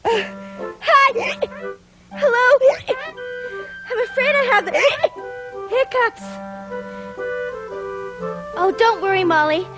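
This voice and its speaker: A woman playing a cheerful childlike clown on a children's TV show, gentle and sing-song. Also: very high-pitched, expressive, slow pace, long pauses, over music, exaggerated voice.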